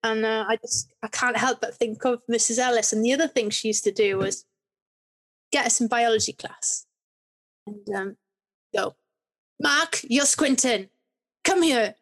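A woman's voice: a little high, fairly even intonation, moderate pace, pauses often. Chatty woman, rambling storyteller. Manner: rambling, many restarts. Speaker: podcast guest. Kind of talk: conversational interview.

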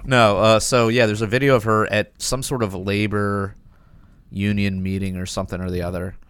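A man hosting a casual podcast chat, relaxed and joking, swearing now and then. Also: lowish voice, normal speed, clean tone, no echo.

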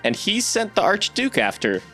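A man player calmly recapping what happened in the session. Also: high voice, normal speed, faint music behind. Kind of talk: casual aftershow chat.

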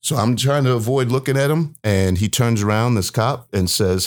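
A man's voice: mid-range voice, moderate pace. A man as a guest, earnestly and emotionally recounting a personal story and acting out what people said. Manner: earnest, emotional, vivid retelling with acted-out quotes.

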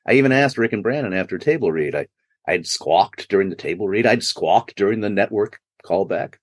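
An older man, a guest actor, telling anecdotes in a self-mocking, animated way in a podcast interview. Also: lowish voice, a little fast, no echo. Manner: animated, self-mocking storyteller who acts out quoted voices.

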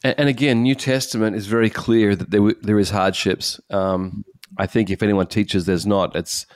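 Earnest low-voiced pastor telling his story. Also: fairly even intonation, normal speed, no room sound, clean studio sound. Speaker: pastor and guest speaker. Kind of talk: personal testimony in conversation.

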